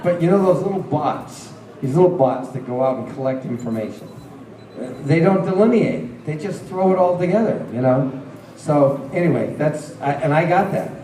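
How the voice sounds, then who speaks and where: A man with a slightly high, mellow voice tells chatty stories at a convention Q&A and laughs often as he talks. He is heard from some distance in a big, echoing room. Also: animated, moderate pace, a little hiss or hum. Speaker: convention panel guest. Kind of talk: convention Q&A storytelling. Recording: roomy hall picked up from a distance.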